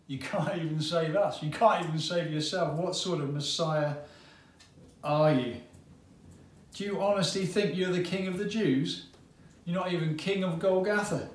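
Figure: a preacher putting on a jeering criminal. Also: male voice, on the high side, moderate pace, far from the mic, pitched above the performer's own voice, close to an everyday voice. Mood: mocking. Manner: sneering, mocking taunts. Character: jeering crucified male criminal, bitter and scornful. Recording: roomy hall, voice from afar.

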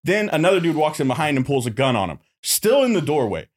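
A man in casual podcast chat, animated and swearing as he retells a story. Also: on the high side, quick pace. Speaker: podcast guest.

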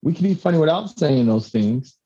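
A man's voice: fairly high pitch, animated, brisk, mellow, slightly rough. Lo-fi playful podcast host, a man. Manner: playful, reads listener letters aloud. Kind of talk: casual podcast chat.

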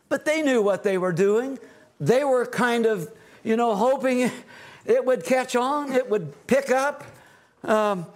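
A sermon is preached by a middle-aged man at a family retreat. His delivery swings between loud exhortation and quiet, low-pitched phrases.

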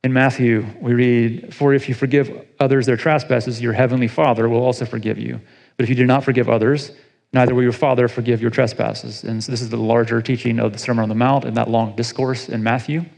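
A man gives a sermon in a relaxed, conversational teaching style, reading verses and explaining them. His voice has a gravelly edge and sits at a middle pitch for a man. He often restarts phrases and checks in with his listeners. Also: fairly quick, rough recording. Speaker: pastor.

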